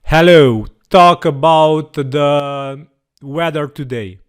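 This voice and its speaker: A man hosting a software tutorial, explaining step by step with frequent fillers. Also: on the high side, slow pace, smooth. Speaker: tutorial channel host.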